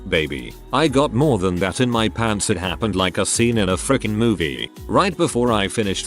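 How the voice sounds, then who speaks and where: A man with a low voice reads short anecdotes aloud in a scripted narration. His pitch swings widely as he tells each one. Soft music plays faintly underneath. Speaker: narrator reading forum stories. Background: faint background music.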